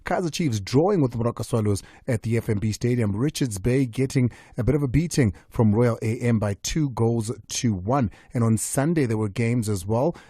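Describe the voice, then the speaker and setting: A man's voice: mid-range voice, normal speed, hardly any pauses, breathy edge, dry recording, studio quality. A man hosting a radio sports show, chatting casually and reading results with plenty of fillers. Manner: chatty, reads scores in a relaxed run with many fillers. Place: radio studio. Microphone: studio microphone.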